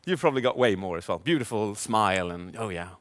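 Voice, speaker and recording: A man speaking as a communication coach in a live keynote, animated, asking the audience questions and acting out inner voices. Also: fairly low pitch, fast talker. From Sweden. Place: large event hall. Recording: long hall reverb.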